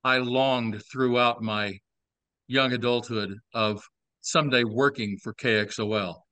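A Texan podcast host in his sixties, speaking with a Southern accent, tells old stories casually and adds wry, playful asides. His medium-pitched voice is steady, unhurried and sharp, with no room sound in the recording.

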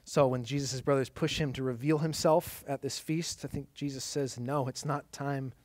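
A man preaching a sermon, swinging from loud, emphatic lines to hushed, quiet passages. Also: medium pitch, fairly even intonation, normal speed, no room sound. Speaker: pastor.

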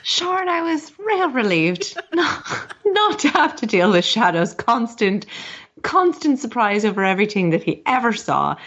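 A woman's voice: medium pitch, a bit bright, heavily acted. A woman putting on a hammy fake Irish brogue. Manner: giggly, exaggerated. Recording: slightly dull, lo-fi sound.

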